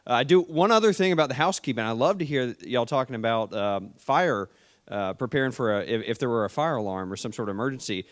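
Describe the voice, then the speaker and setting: A man with a warm down-home Tennessee drawl opens a conference from the stage. His voice is smooth and resonant at an ordinary pitch, and he keeps his welcome folksy and friendly. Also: quick pace. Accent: Southern US, Tennessee. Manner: folksy and friendly, says "y'all" often. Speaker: state insurance commissioner giving welcome remarks.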